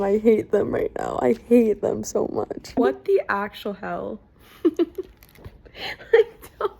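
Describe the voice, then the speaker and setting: A woman's voice: on the high side, moderate pace, gravelly, warm tone. A young woman ranting in exasperation while reading a book.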